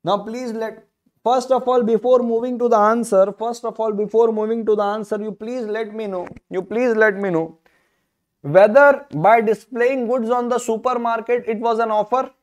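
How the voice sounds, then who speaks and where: A man's voice: sits high, steady tone, normal speed, darkish tone, lo-fi sound. A man with an Indian English accent teaching a law lecture online, repeating key phrases with emphatic, rhetorical questions. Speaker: law tutor.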